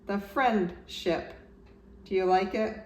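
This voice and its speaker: A man's voice: high-pitched, slow. A woman voicing a proud young male bear in a children's storybook read-aloud, speaking firmly and emphatically. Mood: pleased. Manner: firm and emphatic, slightly louder than the narration. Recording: roomy echo, slightly distant mic, faint background noise.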